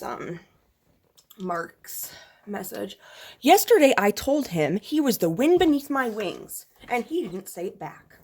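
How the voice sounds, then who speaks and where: A woman's voice: medium pitch, vocal fry, a little mellow, slightly rough. A young woman vlogging in casual chat. She vents bluntly and profanely, rambling with constant fillers. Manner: venting, exasperated.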